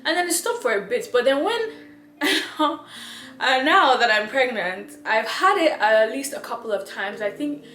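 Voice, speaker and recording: A young Nigerian woman vlogs in an echoey room, chatting casually to camera while out of breath, laughing and repeating herself. Her voice is fairly high and a bit bright, with lively intonation and an unhurried pace, and faint music plays behind her.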